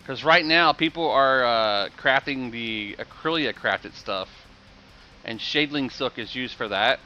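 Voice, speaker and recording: A man streams a game live, talking casually to his viewers. His voice is bright and forward. It comes through slightly muffled stream audio. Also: mid-range voice, measured pace, soft background music. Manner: chatty, explains game economy and thanks viewers.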